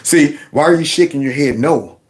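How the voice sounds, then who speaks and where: A man's voice: a little high, normal speed. A man hosting his channel, giving mocking reaction commentary on news clips. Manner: mocking, laughing, animated. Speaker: channel host.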